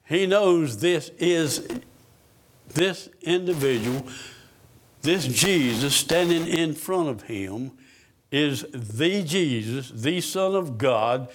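A man preaching a sermon, asking the congregation questions and answering them himself. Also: fairly high pitch.

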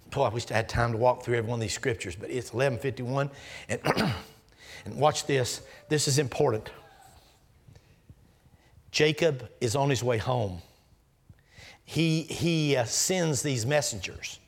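Emphatic preacher in his sixties. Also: medium pitch. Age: 60s. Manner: emphatic, numbered points, drops to hushed asides. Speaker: guest preacher. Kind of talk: sermon.

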